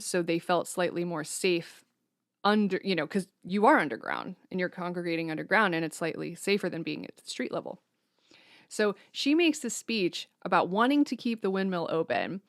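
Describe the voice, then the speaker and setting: A woman's voice: on the low side, no echo, clean studio sound. A woman co-hosting a podcast in casual chat, retelling a film's plot with jokey asides. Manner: animated storyteller, jokey. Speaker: podcast co-host.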